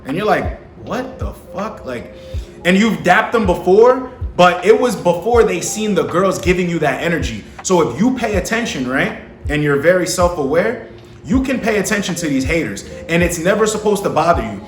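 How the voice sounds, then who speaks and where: A young male vlogger gives men dating advice, talking casually to camera in slangy, profane language and often asking if the listener understands. His high voice swings widely in pitch at a moderate pace, in an echoey room with faint music.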